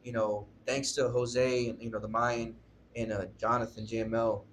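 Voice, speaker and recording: In a laid-back interview, a young man who is a musician tells a meandering story full of filler words and profanity. He speaks at a medium pitch and normal speed in a level tone, and the recording carries a faint hiss or hum.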